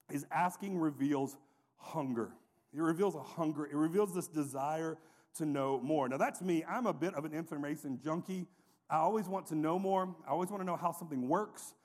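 A man in his forties preaching a sermon in a lively, conversational way, with storytelling asides. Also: high-pitched. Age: 40s. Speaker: pastor.

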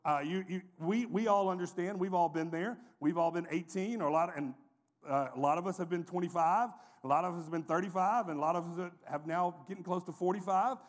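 A man in his forties preaching a sermon in a lively, conversational way, with storytelling asides. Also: high-pitched, fairly quick. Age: 40s. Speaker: pastor.

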